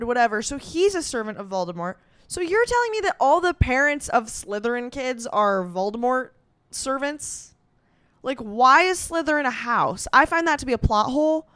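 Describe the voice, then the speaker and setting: A young woman doing stand-up comedy, ranting in an animated, sarcastic way, full of swearing, quick asides and restarts. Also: fairly high pitch, clean tone, dry recording. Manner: sarcastic rants.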